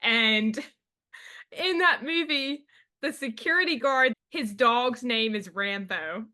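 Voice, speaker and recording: A woman's voice: a little high, slow, sharp tone. A woman hosting a podcast, chatting enthusiastically as she recaps a movie. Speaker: podcast host. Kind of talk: casual chat.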